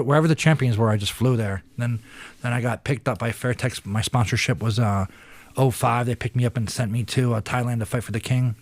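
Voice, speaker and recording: A man's voice: mid-range voice, no room sound. A man in his forties from Pennsylvania, a retired kickboxer, telling rambling, profane stories in a casual podcast interview. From Pennsylvania, USA.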